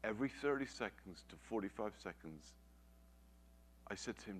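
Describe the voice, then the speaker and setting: A man's voice: lowish voice, expressive, normal speed, long pauses, slight background noise. A man preaching a sermon, telling a personal story with earnest conviction and pressing his points with emphatic repetition.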